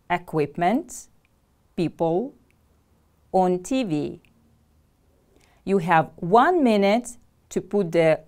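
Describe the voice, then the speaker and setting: Woman, teacher, slow unhurried delivery, careful drilled pronunciation, classroom instruction. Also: mid-range voice, darkish tone, clean tone. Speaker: English language teacher.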